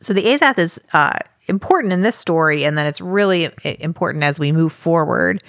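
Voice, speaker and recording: A woman's voice: fairly low pitch, expressive, brisk, fairly bright tone, no echo, clean studio sound. A woman co-hosting a podcast, chatting casually about a book with many fillers, restarts and laughs. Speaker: podcast co-host.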